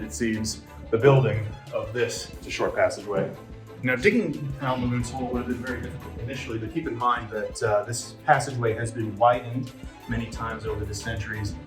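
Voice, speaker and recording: A man giving a casual travel vlog tour inside a pyramid, chatty and explaining as he walks. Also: mid-range voice. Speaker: travel vlogger and tour guide. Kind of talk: casual on-location tour commentary. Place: inside narrow stone passages of a pyramid. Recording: echoey stone interior with music behind. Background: background music.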